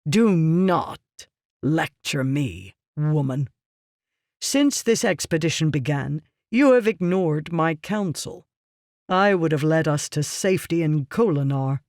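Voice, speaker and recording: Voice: medium pitch, expressive, slow pace, a little mellow, no echo, studio quality. An audiobook reader voicing a ruthless, scheming merchant man who talks down to others in a curt, lecturing way. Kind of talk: audiobook character reading.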